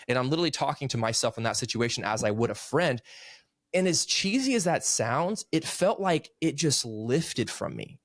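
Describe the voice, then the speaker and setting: A man's voice: mid-range voice, big pitch swings, moderate pace, no echo, studio quality. A man in his thirties, a podcast guest and author, earnestly telling a personal story in casual conversation. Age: 30s.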